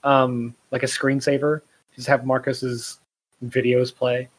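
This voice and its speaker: A man's voice: mid-range voice, flat delivery, slow pace, breathy edge. A man chatting casually as a podcast guest, teasing and a little hesitant. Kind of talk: casual chat.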